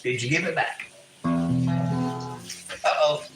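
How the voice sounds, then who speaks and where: A man's voice: mid-range voice, animated, moderate pace, reverberant, over music, poor audio. A man hosting a casual livestream at home, reading chat messages aloud and joking with puns.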